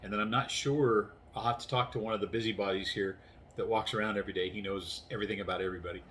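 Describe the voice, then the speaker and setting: Tired man, 60s, rambling vlog chat at home, fairly low-pitched, faint hiss behind. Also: fairly even intonation, fast, fairly bright tone. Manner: rambling, acts out conversations. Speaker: vlogger. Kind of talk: casual chatty storytelling. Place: inside his house, doors closed.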